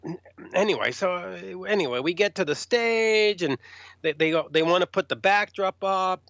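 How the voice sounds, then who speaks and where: Animated man telling wild road stories. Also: high-pitched, normal speed, gravelly, dry recording. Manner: animated, acts out others in raised voices. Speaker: rock journalist guest. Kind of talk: casual storytelling. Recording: dull lo-fi dry sound.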